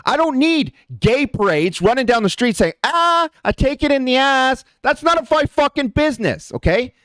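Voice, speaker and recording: Ranting hotly and profanely, this livestream host talks straight to the viewers in his chat. His voice sits high, and there's no echo.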